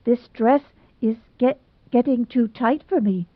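A woman's voice: a little high, unhurried, no room sound, voice pushed up. A woman voicing a timid, plump young bride who talks in breathless, pleading bursts and stammers. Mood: tearful. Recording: dry tinny phone-like sound.

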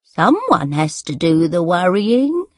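A woman voicing a frail, forgetful elderly mother who speaks in a high, faltering and sometimes hushed way. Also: very animated, slow, no room sound, clean studio sound, exaggerated voice. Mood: confused. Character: frail forgetful old mother, confused and weak.

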